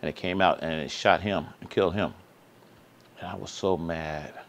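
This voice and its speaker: A man with a deep, low voice talks straight to his viewers, telling a personal story in loose, slangy everyday speech. He is earnest and repeats himself for emphasis, and his voice jumps up high when he gets excited. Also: moderate pace, creaky. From Sacramento area. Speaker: vlog host.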